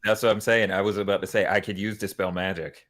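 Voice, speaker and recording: Low-voiced man reading game rules. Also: little pitch movement, quick pace, a bit bright. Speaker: player. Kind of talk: casual tabletop game chat.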